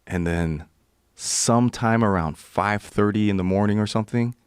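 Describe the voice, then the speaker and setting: A man in his forties with a low voice, a podcast guest telling a profane, vivid story in casual talk. The sound is close and dry. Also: normal speed, smooth, no echo.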